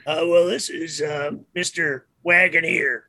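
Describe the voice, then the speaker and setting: Wry male player, bright forceful voice, dry close recording. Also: a little high, steady tone, measured pace, dry recording. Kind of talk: tabletop role-play banter.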